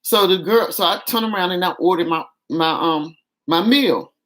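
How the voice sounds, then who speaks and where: A woman vlogger telling a story in a casual, animated and exasperated way, talking straight to her viewers. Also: on the low side, normal speed, a little hiss or hum.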